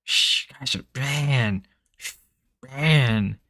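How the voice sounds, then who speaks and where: A man putting on the voice of a bossy young woman chat moderator, who hushes the chat and hands out bans in curt, hissing one-word commands. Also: medium pitch, drawn-out words, dry recording, exaggerated voice.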